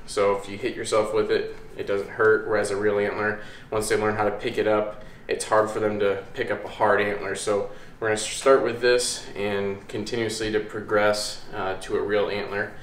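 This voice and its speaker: A man talks in an easygoing, rambling way, slipping in fillers as he explains a simple method. His voice sits a little low. The room around him is echoey, with a faint hum of background noise. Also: level tone, normal speed, hardly any pauses. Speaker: dog trainer, channel host. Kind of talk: casual how-to explanation. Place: indoors at home by a hallway.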